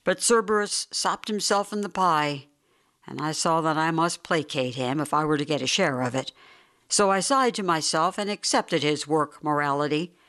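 An audiobook narrator reading a first-person story in a measured, wry storytelling manner. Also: medium pitch, fairly bright tone. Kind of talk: scripted narration.

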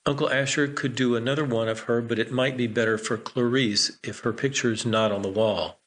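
A man's voice: mid-range voice, fairly even intonation, fairly quick, a bit bright, lightly acted. Grounded everyday man, reassuring and easygoing, read by a male narrator. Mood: kind, reassuring. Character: calm, friendly grown man who looks out for others.

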